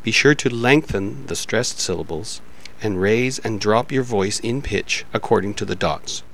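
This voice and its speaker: A man narrating a pronunciation lesson in a measured, explanatory reading style. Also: fairly low pitch, vocal fry, fairly bright tone, a little hiss or hum. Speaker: pronunciation instructor.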